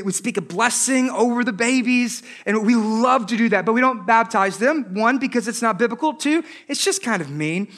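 A married man preaching a sermon as pastor, animated, with joking asides and rhetorical questions. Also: extremely high pitch. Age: adult, married.

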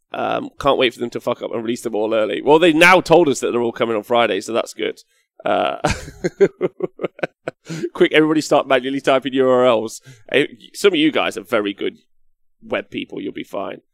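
A young man hosting a casual live stream while painting miniatures, excitable, swearing and reading chat comments aloud. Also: medium pitch, vocal fry, no echo. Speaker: livestream host.

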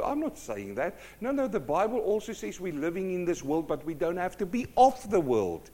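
A middle-aged man preaching a sermon, telling stories with lively acted-out voices. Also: fairly high pitch, moderate pace. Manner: animated storytelling, acts out quoted voices.

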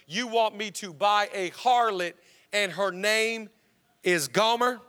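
A man's voice: sits high, slow pace, bright, forceful tone, smooth, full character voice. A man voicing an exasperated biblical prophet who stammers and pleads in disbelief. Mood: incredulous.

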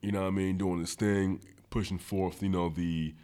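Deep-voiced laid-back male podcast host. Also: flat delivery, normal speed, warm tone, clean tone. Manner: laid-back slang-heavy storytelling, gets high-pitched when laughing. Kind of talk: casual chat.

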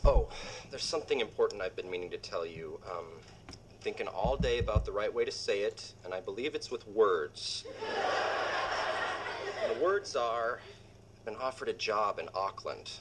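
An actor playing a goofy, sweet young boyfriend in a sitcom, awkwardly earnest and playful. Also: male voice, fairly low pitch, lively intonation, normal speed, lightly acted. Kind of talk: sitcom acting. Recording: TV clip with background noise.

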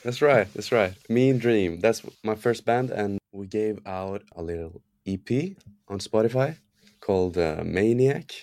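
Norwegian male musician guest, relaxed, a bit low-pitched, dry close sound. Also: a little slow, no room sound. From Norway. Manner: relaxed, laughs easily. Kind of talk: casual interview.

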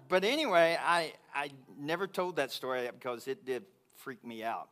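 A man preaching to his congregation, telling a personal story in an animated way that grows loud and high when he gets excited. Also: moderate pace, hardly any pauses. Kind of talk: sermon storytelling.

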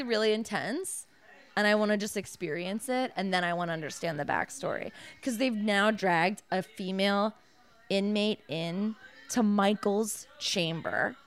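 A woman co-hosting a podcast in casual chat; she talks bluntly, swears freely and acts out quoted lines. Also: mid-range voice. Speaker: podcast co-host. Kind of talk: casual chat while watching a film.

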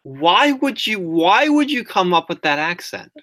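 A man's voice: sits high, sing-song, unhurried, sharp tone, no echo, studio quality. A man co-hosting a casual sports podcast, wry and teasing, laughing easily. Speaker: podcast co-host.

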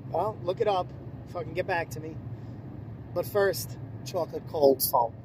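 A man's voice: a little high, normal speed. A man hosting a podcast as casual, profane banter from inside a moving car. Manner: profane, joking. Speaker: podcast host. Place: inside a car on a road trip. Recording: car road noise behind.

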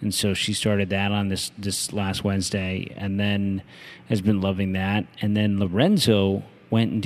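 A man's voice: fairly low pitch, level tone, measured pace, hardly any pauses. A man hosting a casual podcast chat, teasing his co-host and chatting about his own kids. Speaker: father.

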